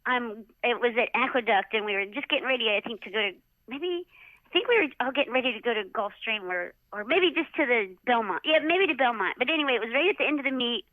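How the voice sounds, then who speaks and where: A middle-aged woman, a former jockey, telling lively stories in a casual interview and acting out quotes with lots of "like.". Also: on the high side, fast talker, no echo. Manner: animated, acts out quotes in a raised voice, many "like"s. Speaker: retired jockey, interview guest. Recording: dull, dry lo-fi sound.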